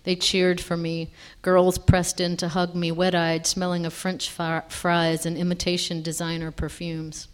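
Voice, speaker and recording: A woman reading a first-person story aloud in a fairly low voice. She reads expressively and stops now and then to correct a word. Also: a little slow, smooth. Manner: expressive, with small self-corrections.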